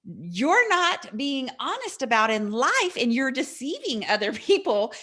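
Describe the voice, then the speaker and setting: A woman's voice: high voice, sing-song, unhurried, pushed and bright, husky. A woman hosting a podcast interview, effusive and enthusiastic, speaking to her guest and listeners. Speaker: podcast host.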